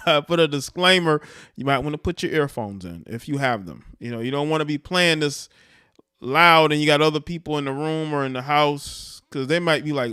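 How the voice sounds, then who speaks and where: A man with a high, smooth and clear voice talks casually on a livestream. He explains his points and speaks straight to his viewers. The sound is dry and close. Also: moderate pace, bright, forceful tone, no echo. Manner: chatty, explains and addresses viewers directly. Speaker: livestream co-host.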